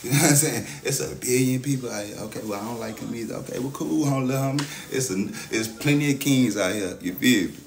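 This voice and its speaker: A man's voice: mid-range voice, fast, gravelly, hardly any pauses. A young man in casual livestream chat, boastful and hyped, talking to his chat with constant filler phrases. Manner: boastful, hype talk with constant "you know what I'm saying" fillers.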